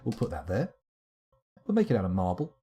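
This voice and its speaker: A man with a low, warm voice streams live while playing a game, talking a little fast with huge swings in pitch. He rambles and mutters to himself, dropping wry asides as he comments on the game.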